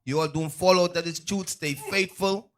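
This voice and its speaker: A man addressing listeners watching from afar, encouraging them in a relaxed, repetitive way. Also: high voice, normal speed. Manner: relaxed, encouraging, repeats himself a lot.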